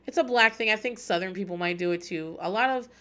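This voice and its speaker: A woman in her thirties talks through a reality show on her podcast. She is chatty and profane, with a wry, dry humor. Her voice sits at an ordinary middle pitch. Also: fast talker, a bit bright. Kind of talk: casual solo recap chat.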